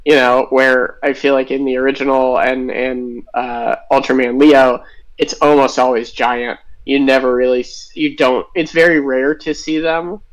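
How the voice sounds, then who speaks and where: A man's voice: mid-range voice, level tone, normal speed, low-quality recording. A man answering interview questions as a game designer, enthusiastic and thinking aloud with tangents.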